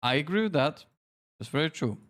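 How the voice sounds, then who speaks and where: A man with a slightly high, animated, somewhat bright voice speaks a little quickly. He's livestreaming a game and leading his team, chatting casually with viewers, cracking jokes at his own expense, and calling out instructions to his teammates.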